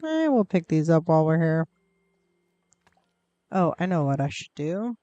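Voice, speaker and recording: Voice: medium pitch, sing-song, a little slow, dark tone, no room sound, lo-fi sound. A game streamer in casual gameplay commentary, chatty and rambling, cooing at pets in the game, close to a desk mic.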